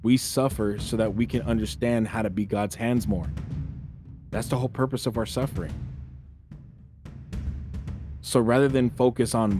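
A man's voice: mid-range voice, moderate pace, pauses often, over music. A man hosting a podcast, delivering an earnest, sermon-like spiritual monologue that exhorts listeners as brothers and sisters. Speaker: podcast host.

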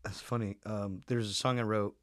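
A man's voice: lowish voice, fairly even intonation, moderate pace, no echo, clean studio sound. A young man telling loose, profane stories in a casual podcast chat, full of "um" and "like". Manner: loose, profane storytelling with lots of fillers.

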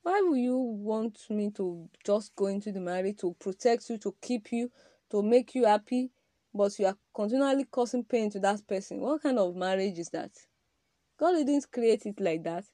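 A woman's voice: mid-range voice, animated, normal speed, mellow, dry recording. A woman giving an emphatic, preaching-style podcast talk on marriage, addressing men directly with repeated rhetorical questions.

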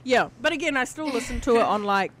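A woman's voice: on the high side, lively intonation, fast, fairly bright tone, a little hiss or hum. A woman co-hosting a casual podcast, rambling, swearing freely and using lots of fillers. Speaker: podcast co-host.

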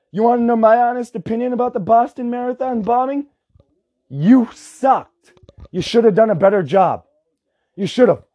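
A man of about thirty rants to camera in a high, husky voice with a dark, mellow tone. He is angry and sarcastic and swears constantly. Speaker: vlogger. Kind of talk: profane ranting monologue.

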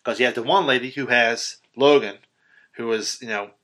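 Bright-toned young man, rambling and profane. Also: mid-range voice, moderate pace. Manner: rambling, profane, many fillers. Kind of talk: casual film chat.

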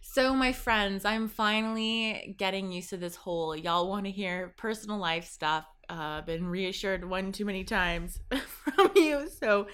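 A woman's voice: medium pitch, a little slow, fairly bright tone, smooth. A woman hosting her own podcast as a pleasure coach, talking casually in a home office, swearing freely and laughing often. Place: home office with a fan running. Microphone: sensitive studio mic up close.

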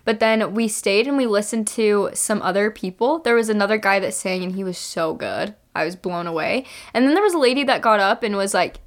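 A woman's voice: mid-range voice, brisk, few pauses. A young woman co-hosting a casual podcast, chatty and bubbly, laughing often. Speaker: podcast co-host.

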